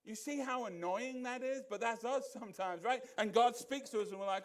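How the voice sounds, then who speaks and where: A man's voice: fairly quick, hardly any pauses. A male pastor preaching a sermon in a church, talking conversationally and throwing rhetorical questions at the congregation. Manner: acts out quoted voices in a low mutter. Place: church sanctuary.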